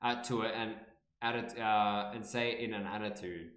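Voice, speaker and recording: A man's voice: lowish voice, steady tone, moderate pace, fairly bright tone, roomy sound. A man streaming live and reacting casually, playful, repeating words over and over and swearing freely.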